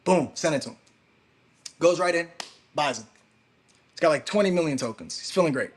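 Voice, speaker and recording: A man's voice: fairly high pitch, animated, a little fast. A man hosting a crypto livestream, telling a story in a casual, profane, slangy way.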